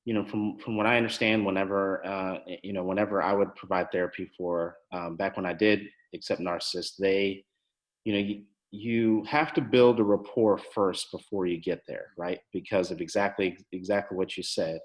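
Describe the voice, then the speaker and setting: A man's voice: low-pitched, fairly even intonation, moderate pace. A man hosting an interview, a former therapist, asking long questions with hesitations and restarts. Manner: hesitant, many restarts and "you know". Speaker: podcast host and former therapist.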